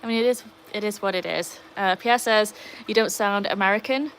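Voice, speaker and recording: Sitting by a backyard pool, this Welsh livestreamer reads out comments from viewers and chats with her dogs. She speaks a little fast in a medium-pitched, fairly bright voice, and there's some light hiss or hum.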